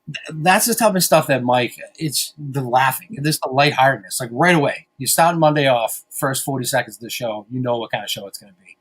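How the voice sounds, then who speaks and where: A man's voice: medium pitch, animated, a little fast, fairly bright tone, breathy edge. A man hosting a podcast in casual banter, rambling and profane, often mocking himself. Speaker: podcast host.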